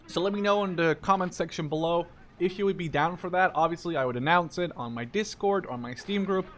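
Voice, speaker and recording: A man's voice: high-pitched, fairly quick, fairly bright tone. A man in his twenties, originally from the Netherlands, giving casual, rambling commentary while he plays a war game, swearing now and then. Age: 20s. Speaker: gaming YouTuber. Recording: faint game noise and artillery behind.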